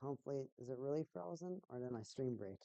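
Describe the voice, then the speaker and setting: A woman's voice: rumbling low, lively intonation, fast talker, dark tone, dry recording, lo-fi sound. A woman hosting a hockey watch party stream, chatting casually and playfully, rambling and repeating phrases in a sing-song way. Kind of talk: casual livestream chat with play-by-play.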